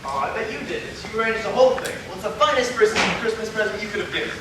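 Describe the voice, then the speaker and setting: A man plays an earnest young newspaperman, eager and friendly. His voice sits high for a man. It is heard from far off in a very echoey hall, under loud noise. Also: rapid-fire, lightly acted. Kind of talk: community stage play.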